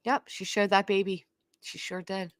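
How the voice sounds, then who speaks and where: A woman's voice: medium pitch, little pitch movement, normal speed, no echo, clean studio sound. A middle-aged woman hosting a reaction commentary, sarcastic and scornful, repeating herself for emphasis. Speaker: commentary channel host.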